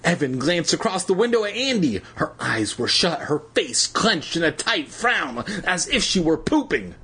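A man's voice: fairly high pitch, big pitch swings, normal speed, few pauses, pushed and bright, husky. A man reading a children's story aloud, dropping irreverent, crude joking asides. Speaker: reader. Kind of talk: comedic storybook read-aloud.

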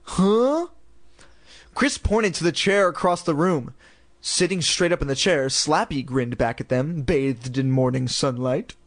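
A man's voice: mid-range voice, normal speed. A man reading a children's story aloud in a casual, irreverent way, throwing in crude ad-libs. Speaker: reader.

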